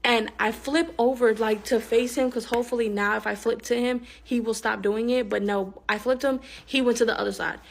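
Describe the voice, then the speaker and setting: A young woman telling a personal story in a candid, emphatic way, often dropping to a hushed tone. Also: on the high side, fairly even intonation, brisk, vocal fry, few pauses, slight background noise. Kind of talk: storytime monologue.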